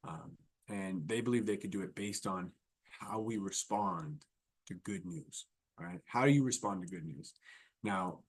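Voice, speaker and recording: A man giving a conference talk in a conversational style, often checking in with his audience by asking "right?". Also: on the low side. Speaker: keynote speaker. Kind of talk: conference talk with acted examples.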